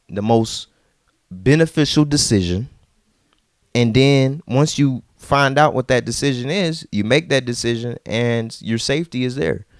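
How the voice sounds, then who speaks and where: A man ranting casually to camera in a vlog, slangy and repetitive, dropping to low mutters and jumping to high outbursts. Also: darkish tone, no room sound, studio quality. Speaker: vlogger.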